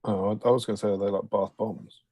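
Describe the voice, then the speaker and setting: A man's voice: on the low side, steady tone, fast talker, warm tone, no room sound. A man co-hosting a casual live stream, throwing in dry, teasing quips. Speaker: co-host of a tabletop wargaming stream.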